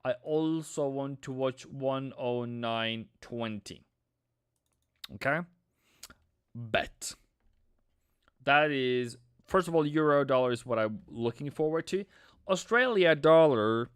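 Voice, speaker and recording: A man's voice: mid-range voice, expressive, takes it slowly, pauses often, clear, resonant tone, no echo. Guy doing a live trading stream, talks loose and repeats stuff, clean dry mic. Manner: chatty, repeats himself, answers viewers. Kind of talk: live-stream market analysis.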